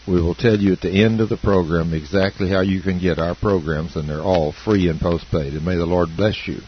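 A man hosting a ministry broadcast, speaking in a slow, measured, reverent way. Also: deep voice, fairly even intonation. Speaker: ministry radio host. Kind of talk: broadcast introduction. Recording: dull lo-fi broadcast with faint hiss.

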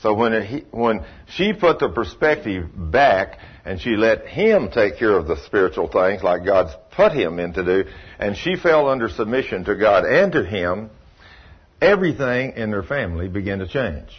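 A man's voice: fairly low pitch, big pitch swings, normal speed, breathy edge. A man preaching a sermon in a folksy, storytelling way with emphatic asides. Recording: dull lo-fi recording.

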